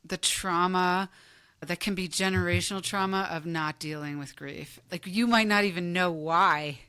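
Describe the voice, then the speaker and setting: A woman hosting a podcast who sums up her guest's points gently and reassuringly. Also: fairly low pitch, normal speed, clear, resonant tone. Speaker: podcast host. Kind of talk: conversational interview.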